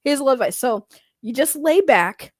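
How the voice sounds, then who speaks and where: A woman's voice: sits high, lively intonation, brisk, no room sound, clean studio sound. A woman doing casual, comedic commentary, giggling often between remarks. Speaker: commentary YouTuber.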